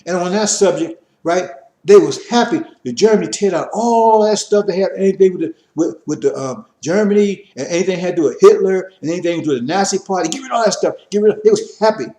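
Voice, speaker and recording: A man giving an impassioned religious lecture, preachy and repetitive, rising to forceful emphasis. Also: sits high, fast, reverberant. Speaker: religious teacher.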